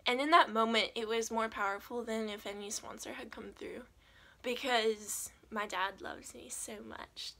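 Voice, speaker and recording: Bright-voiced young woman sharing testimony. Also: a little high, gravelly. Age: young adult. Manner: earnest, animated storytelling with frequent "like". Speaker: faith vlogger. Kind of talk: personal testimony.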